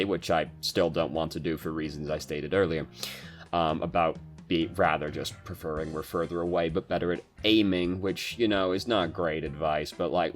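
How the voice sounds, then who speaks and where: A young man casually commentating over gameplay as a coach, relaxed, with frequent fillers and casual swearing. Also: low voice. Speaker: game coach reviewing gameplay.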